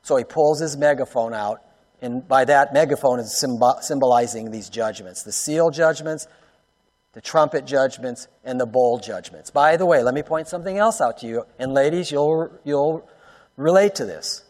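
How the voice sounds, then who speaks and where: A man preaching a sermon to his congregation, swinging between loud emphatic lines and hushed soft ones and asking the room rhetorical questions. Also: medium pitch, moderate pace, big-room sound. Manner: talks directly to the congregation, asks rhetorical questions. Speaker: pastor.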